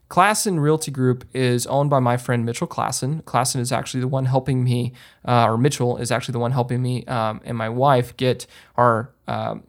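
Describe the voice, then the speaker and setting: A man hosting a podcast, giving casual how-to advice in an emphatic way, with lots of ums and restarts. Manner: lively swings up in pitch when stressing a point. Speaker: podcast host and filmmaker. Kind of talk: casual instructional talk.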